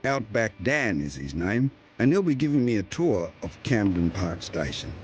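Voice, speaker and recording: A man's voice: on the low side, sing-song, moderate pace, a little hiss or hum. A man with an Australian accent presenting a travel show, narrating and bantering in a playful, joking way.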